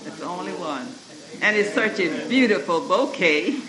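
High, lively preacher man in echoey hall. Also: measured pace, crowd noise. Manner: lively preaching with laughter and call to the congregation. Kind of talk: sermon with scripture readings. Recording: echoey church room recording with noise.

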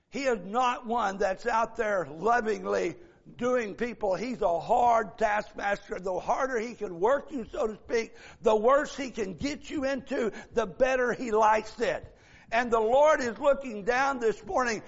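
A man's voice: very high voice, fairly bright tone, muffled recording. A man preaching a sermon, quoting scripture and drawing out key phrases with fervor. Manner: fervent, drawn-out preaching with scripture quotes.

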